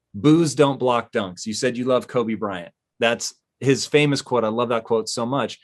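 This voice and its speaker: Man, podcast host, enthusiastic, emphatic, mid-pitched voice. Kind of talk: interview conversation.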